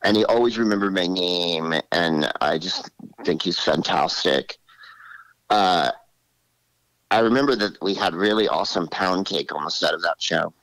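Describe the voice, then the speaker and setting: A man in his sixties, a comedian guest telling animated stories in an interview and slipping into voices. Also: deep voice, normal speed, dry recording, poor audio. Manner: animated, drops into character voices. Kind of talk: storytelling interview.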